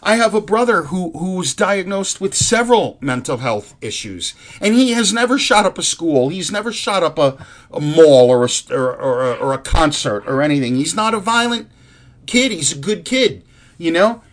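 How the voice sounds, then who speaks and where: A man's voice: a little high, lively intonation, normal speed. A man delivering an angry, heartfelt ranting monologue to his viewers, profane and rambling with frequent restarts. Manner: earnest and heartfelt.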